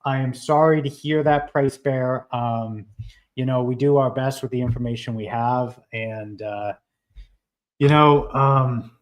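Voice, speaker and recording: A man hosting a live stream in a casual, animated way. He talks at an average pitch, fills his speech with "uh" and "um" and often restarts his sentences. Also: a little slow, poor audio. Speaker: livestream host.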